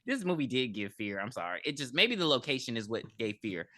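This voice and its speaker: A co-host on a casual movie recap podcast who talks expressively and swears freely, jumping into quick character voices. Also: medium pitch, big pitch swings, sharp tone, no room sound.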